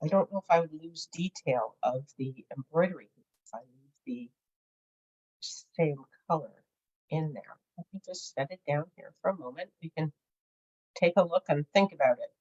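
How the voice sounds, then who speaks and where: A woman's voice: low voice, normal speed, a little mellow, husky. A middle-aged woman hosting a crafting video, chatting casually, giggling and thinking aloud as she works. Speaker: crafting channel host. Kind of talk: casual crafting tutorial chat. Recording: dull lo-fi home recording.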